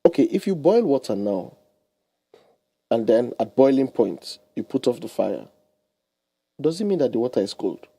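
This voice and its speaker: A husky man speaks quickly, his pitch swinging up and down as he counsels on air. He leans on homely examples and a ready laugh, and the studio sound is close and dry. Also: no room sound. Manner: animated, explains with homely examples and laughs often. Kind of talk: radio talk show advice. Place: radio studio.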